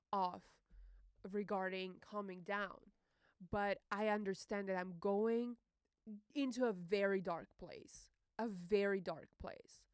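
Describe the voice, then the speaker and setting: A young woman hosting a podcast, telling a personal story in an emotional, halting way, with many fillers and curses. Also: mid-range voice, clean tone, no room sound, studio quality. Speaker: podcast host.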